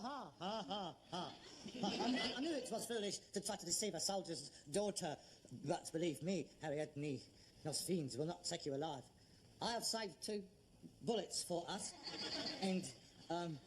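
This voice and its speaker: Actor as exasperated bloke, lively high voice, hissy old TV recording. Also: male voice, moderate pace, lightly acted. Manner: exasperated, stumbling through stiff stage lines. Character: frustrated working-class son with stage ambitions. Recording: noisy old TV soundtrack.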